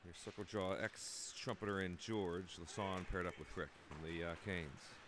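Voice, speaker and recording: Man, hockey play-by-play, low voice, jokey and excitable, noisy rink recording. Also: moderate pace. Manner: excitable, jokey, calls goals loudly. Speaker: play-by-play commentator. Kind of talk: amateur youth hockey commentary.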